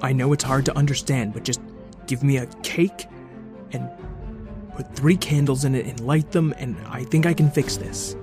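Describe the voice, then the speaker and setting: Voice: mid-range voice, fairly even intonation, moderate pace, music in the background, natural voice. A storyteller voicing an earnest, clever boy pleading to be taken seriously.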